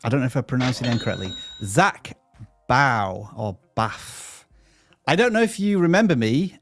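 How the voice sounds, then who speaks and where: A man's voice: mid-range voice, expressive, normal speed, music in the background. A man hosting a live stream, reading out viewer questions in an upbeat, chatty way and stumbling over unfamiliar names. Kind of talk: live channel-review stream.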